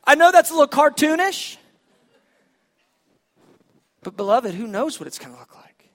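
Animated male pastor with a high voice, moving from loud to hushed. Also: normal speed. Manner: animated, swings from shouting to hushed. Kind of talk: sermon.

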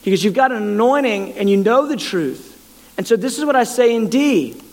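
A male preacher delivers an impassioned sermon, often doubling back and stammering on words as he presses his point. His voice sits fairly high for a man, and a long hall reverb trails after each phrase. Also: expressive, moderate pace, darkish tone.

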